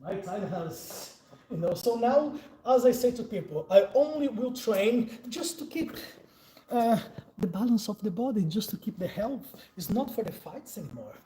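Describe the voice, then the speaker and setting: A Brazilian-accented man in his forties explains self-defense moves in a loose, chatty way, breaking into laughs. His voice sits high for a man. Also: animated, normal speed, warm tone, a little hiss or hum, low-quality recording. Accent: Brazilian Portuguese. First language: Portuguese. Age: 40s. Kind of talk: casual live Q&A and instruction.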